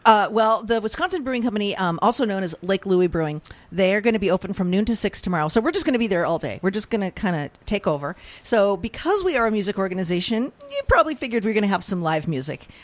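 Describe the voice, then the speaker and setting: A woman's voice: medium pitch, sing-song, fast, hardly any pauses, no room sound. Eager woman guest on a dry studio mic. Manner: enthusiastic, chatty, with frequent restarts. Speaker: guest from a local music charity. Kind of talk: radio interview. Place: radio studio.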